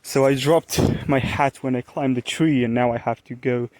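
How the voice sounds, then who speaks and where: A man's voice: medium pitch, steady tone, moderate pace, darkish tone, no echo. A young man with an Eastern European accent vlogging outdoors in woods by a pond, rambling and letting out playful exclamations and yelps while filming on a handheld camera. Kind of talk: casual outdoor vlog narration.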